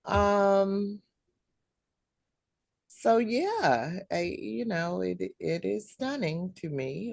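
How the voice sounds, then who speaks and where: A woman's voice: low voice, creaky, a little mellow, dry recording. A woman hosting a casual book club chat over a video call, thoughtful and laughing often. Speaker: host.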